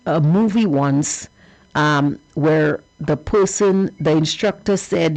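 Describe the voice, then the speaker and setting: Woman radio host, low voice, calm, measured. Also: poor audio. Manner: calm, measured, pushes back gently. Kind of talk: radio call-in.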